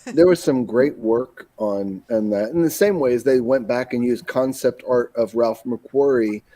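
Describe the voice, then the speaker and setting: A man's voice: medium pitch, unhurried, dry recording. A man chatting casually on a group podcast, rambling as he tells stories. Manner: rambling, animated storytelling.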